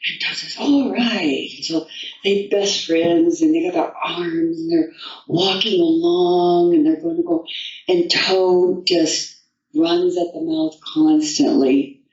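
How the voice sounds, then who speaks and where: A woman storyteller telling a folktale and a personal story in an unhurried, rambling way with restarts. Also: fairly low pitch, fairly even intonation, darkish tone. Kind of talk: told folktale and personal anecdote. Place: festival venue. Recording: dull distant echoey room recording.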